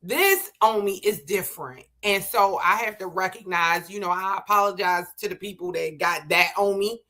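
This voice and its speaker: A woman's voice: mid-range voice, moderate pace, bright, forceful tone. A woman guest in a casual conversation, speaking in a reflective, encouraging way.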